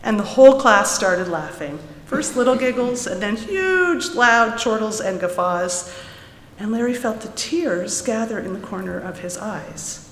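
A woman tells a story to a congregation, voicing the characters with lively energy. Her voice rings out through a large sanctuary with a long, hollow echo, and a faint hum sits underneath. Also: medium pitch, measured pace. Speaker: storyteller at a synagogue service. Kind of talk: reading a children's story aloud, then teaching. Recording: echoey hall, from a room mic.

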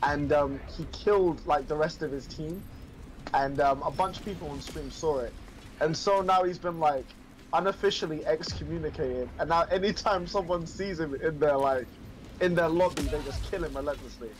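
A man's voice: fairly high pitch, normal speed, a little hiss or hum, low-quality recording. A young man playing a game with a friend, bantering playfully with lots of ums and likes. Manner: playful, joking banter with a lot of fillers. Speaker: co-player. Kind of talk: casual gaming chat.

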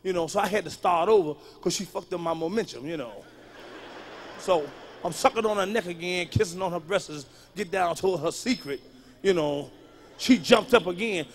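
A man performing live stand-up storytelling, profane and punchy, swinging from muttered asides to sudden yells. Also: high-pitched, moderate pace, vocal fry, a little hiss or hum. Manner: loud, profane, punchy delivery that jumps between muttering and yelling. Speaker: stand-up comedian.

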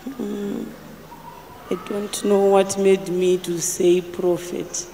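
A woman being prayed for, giving slow, murmured replies with laughter. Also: medium pitch, little pitch movement, gravelly, warm tone. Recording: echoey hall with faint noise.

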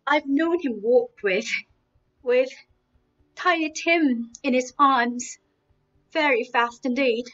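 A woman voicing a weary, sad mother of a poor family in a storybook, in a soft, hushed, earnest way. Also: high-pitched, slow pace, pauses often, pitched above the performer's own voice. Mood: brave. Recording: dull lo-fi, new-age music behind.

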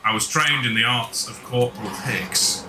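A man's voice: medium pitch, moderate pace, background noise. A man casually talking to himself while playing a video game, joking and swearing freely. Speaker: gaming video host. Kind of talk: let's play commentary.

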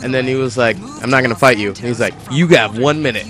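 A man's voice: medium pitch, fast, fairly bright tone. A teenage boy telling a long, rambling story with many restarts while playing a video game. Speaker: gameplay commentator. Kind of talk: casual storytelling over gameplay.

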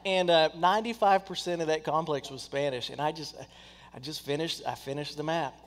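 A man preaching a sermon, telling a story in a lively way and acting out the people in it. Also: on the high side, a little fast. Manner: animated, acts out quoted people in his stories. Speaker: pastor. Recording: long hall reverb.

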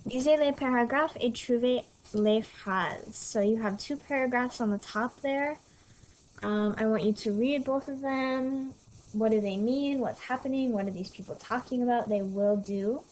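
A woman's voice: fairly high pitch, normal speed, darkish tone, dull audio. A woman teaching French to her class in a casual, chatty recorded lesson, with small apologetic asides, on scratchy audio from a tablet mic at home. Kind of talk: recorded lesson over slides.

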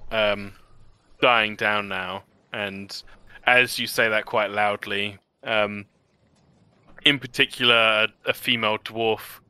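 A man narrating a tabletop game as game master, slow and full of pauses. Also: lowish voice, sharp tone, clean tone, no echo. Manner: slow, hesitant with fillers.

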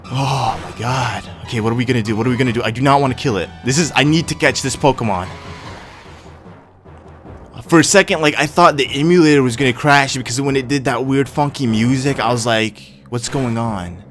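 A young man giving casual, excitable gameplay commentary, swearing and reacting loudly. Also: medium pitch, fast. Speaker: let's play gamer. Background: game music.

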